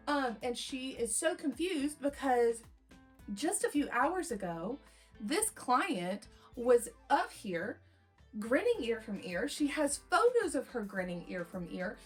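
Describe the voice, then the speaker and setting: A young woman hairstylist telling a client story in a casual, rambling storytime way, acting out the quotes. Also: fairly high pitch. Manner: rambling, chatty, acts out quotes in lively voices.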